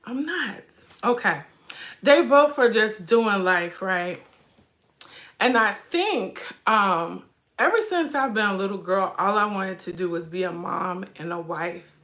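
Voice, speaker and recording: A chatty woman talks slowly and unhurriedly to her viewers in a casual livestream. Her voice is bright and forward, and she speaks with emotion, holding back tears. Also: mid-range voice, lively intonation. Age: 40s. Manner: chatty, addresses viewers as y'all. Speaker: handbag vlog host.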